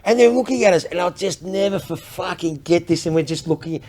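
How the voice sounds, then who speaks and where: A man's voice: sits high, fairly quick. Foul-mouthed Australian man telling stories. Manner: profane, animated storyteller. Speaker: luxury car salesman, podcast guest. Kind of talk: casual podcast storytelling.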